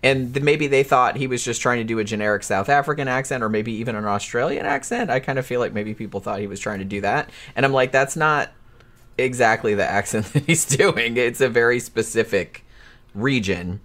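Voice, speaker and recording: A man's voice: mid-range voice, fairly quick, a bit bright. A man co-hosting a casual movie podcast, explaining background in long, hedging run-on sentences. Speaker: podcast co-host.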